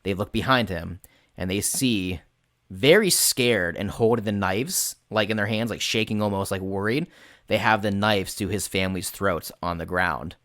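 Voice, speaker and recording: Lively low-voiced male host. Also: moderate pace, dry recording, clean studio sound. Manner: animated, swears freely, voices his players' reactions. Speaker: podcast host and game master. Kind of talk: casual storytelling chat. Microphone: voice call.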